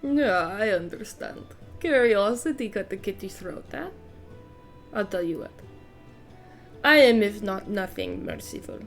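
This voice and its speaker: A woman's voice: mid-range voice, big pitch swings, measured pace, faint music behind. A woman voicing a menacing female spider-queen villain who speaks with sly, mocking threat.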